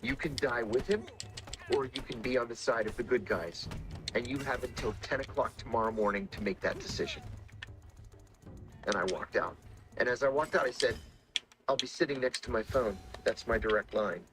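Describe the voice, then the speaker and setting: A man's voice: mid-range voice, over music. Man telling a tense spy story. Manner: measured, dramatic retelling with acted quotes. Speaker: former intelligence officer telling stories. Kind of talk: storytelling interview talk.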